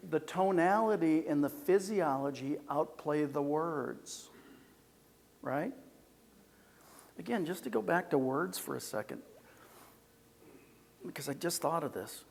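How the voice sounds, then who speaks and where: A man in his sixties with a rather high, gravelly voice delivers a seminar talk on communication. He is lively and playful, slipping into quoted voices to make his points. His voice rings with the long reverb of a large hall. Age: 60s. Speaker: communication speaker.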